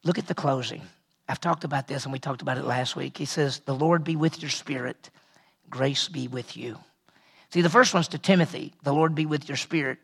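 Man, pastor, conversational sermon, gravelly voice, earnest, repeats himself, drops quiet for emphasis. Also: medium pitch, brisk. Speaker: pastor teaching a Bible study.

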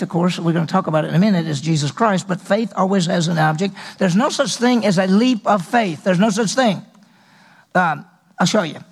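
A man's voice: high-pitched, creaky, husky. A man preaching a sermon as pastor, conversational, acting out little dialogues and repeating his points.

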